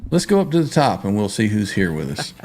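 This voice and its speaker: A man's voice: on the low side, sing-song, fast, a little mellow, slight background noise. A man hosting a casual livestream, greeting viewers and reading their comments aloud with frequent laughs. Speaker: livestream host.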